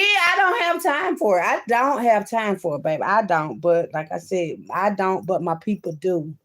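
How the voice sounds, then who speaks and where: A woman giving a card-reading monologue, swinging between loud outbursts and hushed asides and calling her listeners "baby" and "child". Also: medium pitch. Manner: talks to viewers as "baby" and "child".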